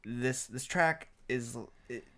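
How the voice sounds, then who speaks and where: A man talking on a casual podcast, blunt and profane as he reviews a record. His voice sits at an ordinary pitch, and his delivery gets louder and more heated as he goes on. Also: takes it slowly. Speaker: podcast co-host, album reviewer.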